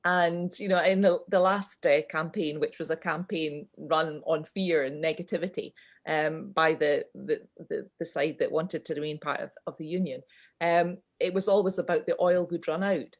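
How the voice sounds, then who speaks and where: A woman speaks with a lowish voice in a video-call chat. She argues with passion and cracks jokes. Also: fairly even intonation, normal speed. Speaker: podcast guest.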